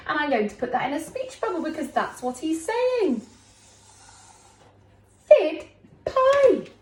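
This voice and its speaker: A woman primary school teacher giving a recorded lesson to young children, talking slowly in an encouraging, sing-song way. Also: animated. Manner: slow, sing-song, encouraging teacher talk with big pitch swings. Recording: echoey room.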